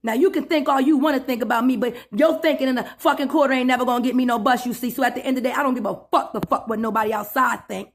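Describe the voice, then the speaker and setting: A woman ranting in a satirical sermon style, preachy and profane, stretching out emphatic phrases and bursting into loud outbursts. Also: high-pitched, steady tone, rapid-fire, few pauses, slight background noise. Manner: preachy and profane, calls listener 'boo' and 'my friend'. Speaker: self-styled spiritual preacher.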